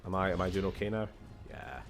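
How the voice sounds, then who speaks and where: Soft background music plays as a man with a low, expressive voice talks fast over his game stream. He has a Scottish accent and keeps up chatty, casual commentary, swearing, laughing frequently and changing tone often.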